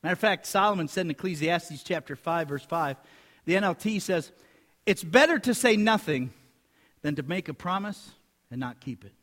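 High-voiced pastor in an echoing sanctuary. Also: male voice, lively intonation, normal speed, fairly bright tone. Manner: conversational, joking asides to the congregation. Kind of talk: sermon. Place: church sanctuary.

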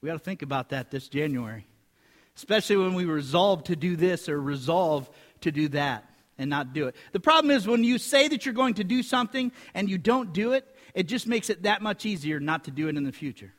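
High-voiced pastor in an echoing sanctuary. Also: male voice, a little fast, a bit bright. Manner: conversational, joking asides to the congregation. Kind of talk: sermon. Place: church sanctuary.

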